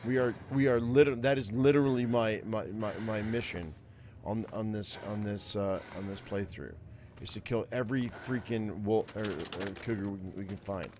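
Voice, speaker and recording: Over a noisy backdrop, a man with a lowish voice narrates his gameplay at a normal pace, casual let's play style. He curses often, says things twice, and keeps muttering that he's mad.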